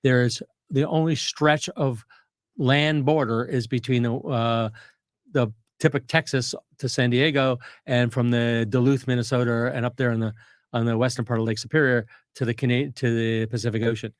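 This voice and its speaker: A man's voice: mid-range voice, fairly even intonation, normal speed, no room sound. Older guy going on about history, lots of uhs and restarts, dry close mic. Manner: detailed, rambling explanations with restarts and fillers. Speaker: guest historian, retired Navy captain. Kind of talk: conversational history explanation.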